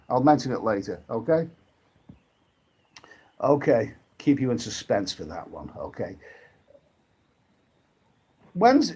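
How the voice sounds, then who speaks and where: A man from the UK, hosting a casual live stream, rambling and halting with many restarts while reading out viewer comments and drinking. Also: on the high side, darkish tone, husky. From United Kingdom.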